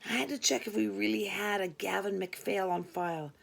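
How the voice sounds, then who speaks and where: A woman's voice: medium pitch, brisk, gravelly. A woman narrating a first-person story in a dry, wry manner. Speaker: audiobook narrator.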